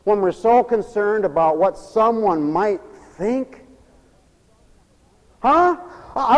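A man preaching a fiery, folksy sermon, swinging from hushed asides to shouts. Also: very high voice, a little slow, in a large hall, muffled recording.

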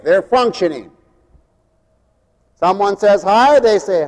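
A man preaching, mocking his listeners with sudden swings between loud bursts and near-whispers. His voice sits high. The sound rings out with a long reverb. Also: slow pace, long pauses. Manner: animated, mocking, wide swings in loudness. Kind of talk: sermon.

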